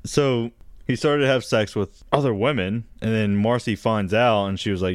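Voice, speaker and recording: Laid-back low-voiced podcast man. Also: normal speed, no echo, studio quality. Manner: laid-back, crude, recounting a story. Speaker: podcast co-host. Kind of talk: casual storytelling chat.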